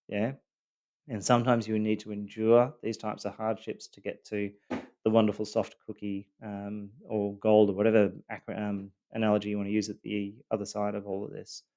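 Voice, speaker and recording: A man with a fairly low voice hosts a podcast, telling his own life story in a loosely scripted monologue. He speaks earnestly and haltingly, with frequent fillers, restarts and repeated words. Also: completely flat delivery, darkish tone.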